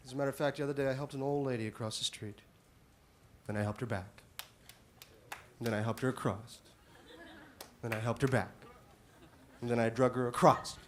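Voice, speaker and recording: A man doing a stand-up comedy routine on a club stage, deadpan setups that burst into shouted punchlines. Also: mid-range voice, brisk, long pauses, a little hiss or hum. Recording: live club audience laughing. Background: audience laughter and applause.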